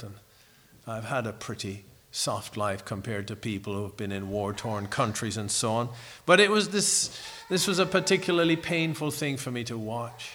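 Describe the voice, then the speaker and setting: A middle-aged man preaching a sermon in an earnest, reflective way, pausing and restarting as he tells a story. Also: lowish voice, sharp tone, a little hiss or hum.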